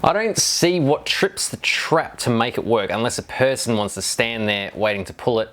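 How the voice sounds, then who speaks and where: Man, middle-aged, DIY chat, jokey, rambling, lively swooping pitch. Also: normal speed. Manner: rambling and jokey, with wry asides. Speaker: DIY video maker. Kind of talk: casual chat reading viewer comments.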